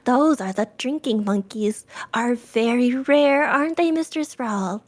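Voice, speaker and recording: A woman's voice: a little high, unhurried. A woman voicing a giddy, teasing young bride-to-be in a storybook reading. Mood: gushing. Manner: gushing, teasing.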